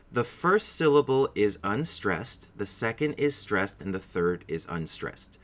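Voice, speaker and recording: A man teaching English vocabulary in a clear, deliberate, encouraging way. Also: lowish voice, a bit bright. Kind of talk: scripted vocabulary lesson.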